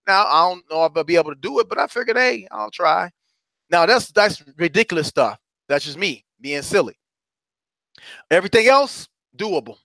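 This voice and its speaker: A man's voice: sits high, expressive, normal speed, gravelly, sharp tone, dry recording. A man, hosting a motivational talk as a courage coach, calling listeners brothers and sisters and repeating phrases for emphasis.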